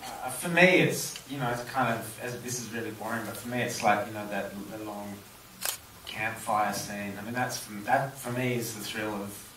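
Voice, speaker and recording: A man with a low voice answers audience questions at a cinema Q&A, pausing to hunt for the right words. He is heard from a distance, with the echo of a big auditorium around him. A faint hiss runs under his speech. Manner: thoughtful, searching for words. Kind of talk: live Q&A answers. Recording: roomy hall, distant mic.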